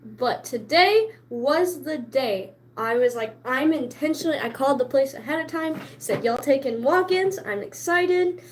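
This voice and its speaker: A woman vlogger chatting casually to camera, excitable and chatty, laughing often between stories. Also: high-pitched, measured pace, hardly any pauses, a little hiss or hum.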